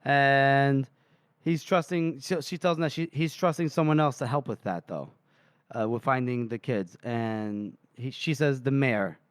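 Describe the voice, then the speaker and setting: Man, podcast co-host, rambling casual recap, smooth clear voice, dry sound. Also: mid-range voice, a little slow, dry recording. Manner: rambling retelling, lots of fillers and quotes.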